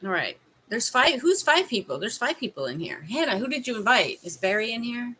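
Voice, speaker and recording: A Canadian woman in her thirties chats with viewers on a casual live stream from home. Her voice is bright and crisp, and she keeps up a teasing, joking tone and laughs often. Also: a little high, sing-song, brisk. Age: 30s. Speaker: life coach hosting a live stream.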